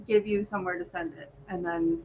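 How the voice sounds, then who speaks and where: A woman co-host talks in an easy, rambling way, full of "um"s and excited tangents. The recording sounds a little dull, with faint noise underneath. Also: lowish voice, fairly quick. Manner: gushing, rambling with many "um"s. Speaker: podcast co-host. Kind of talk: casual chat. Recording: slightly muffled with faint noise.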